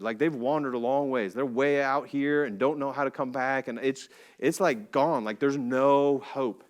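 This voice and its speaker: A man preaching a sermon in a church, telling a story in a casual, animated way with slang and jokey asides. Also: mid-range voice, moderate pace. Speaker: pastor. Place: church sanctuary.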